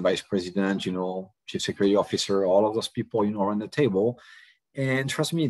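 Husky low-voiced man telling a story. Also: no echo, rough recording. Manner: casual, frequent "you know" fillers, acts out dialogue. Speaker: cybersecurity presenter. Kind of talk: anecdotal lecture storytelling.

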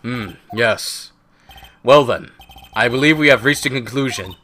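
A man's voice: medium pitch, measured pace, bright, forceful tone. A man reading as a stern old judge. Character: stern older male courtroom judge. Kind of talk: reading game dialogue aloud. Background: game music.

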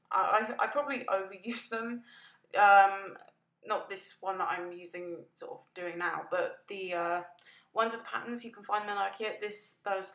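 A woman's voice: mid-range voice, fairly bright tone. Chatty woman rambling, echoey room. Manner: chatty and rambling, laughs and yawns often, self-deprecating. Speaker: gaming video creator narrating a build. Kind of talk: casual voice-over commentary.

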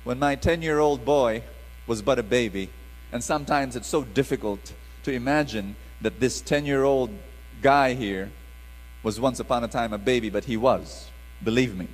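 A middle-aged man, preaching a sermon in an animated call-and-response style. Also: medium pitch, normal speed, long reverb tail, rough recording.

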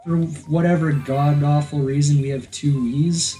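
A man watching his friend play a video game, reacting with loud, crude, laughing banter. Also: a little high, normal speed, soft background music, rough recording. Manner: excitable, swearing, laughing banter. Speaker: let's play co-host. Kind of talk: casual gaming commentary.

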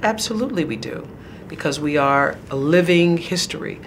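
A man playing a famous talk-show guru who speaks in slow, sermon-like uplifting phrases. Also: fairly high pitch, a bit bright, slight background noise, close to an everyday voice. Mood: preachy.

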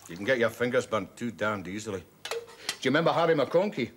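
A man's voice: medium pitch, expressive, fast, close to an everyday voice. Middle-aged scottish man, actor doing a doubtful grumbling glasgow dad, faint hiss behind. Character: cautious, grumbling working-class Glasgow dad. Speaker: father in a family drama.

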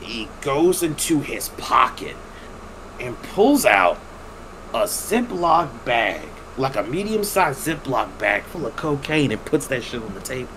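A man with a mid-range voice hosts a podcast, unhurriedly telling a long, casual story full of swearing while animatedly acting out what other people said. The recording is rough, with a little hiss or hum.

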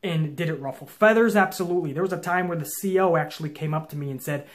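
A young man hosting his own show, telling a long story to viewers in a casual, profane, intense way that swings from low mutters to loud challenges. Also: fast. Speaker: show host.

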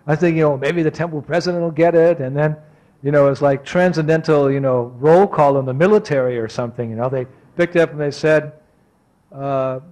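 A man giving a devotional lecture, telling a personal story with animation and acting out remembered exchanges, slowing and softening on reflective points. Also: on the high side, low-quality recording. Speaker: spiritual teacher giving a talk.

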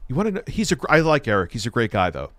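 A male livestream host in a heated, swear-filled rant, swinging between flat muttering and loud outbursts. He says he is stoned, and his mid-pitched voice sits close and dry on the mic. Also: rapid-fire, no room sound. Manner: profane, angry, shouting at times.

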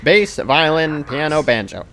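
A man's voice: a little high, very animated, a little slow, gravelly, fairly bright tone, a little hiss or hum. A man playing a video game and commenting, rambling and talking to himself playfully. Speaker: gaming video creator. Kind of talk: let's play commentary.

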